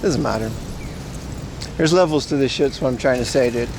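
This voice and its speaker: A man's voice: mid-range voice, a little fast, gravelly, music in the background. A man in his thirties hosting a casual livestream outdoors on city streets, rambling and answering viewer chat while biking. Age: 30s. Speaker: livestream host.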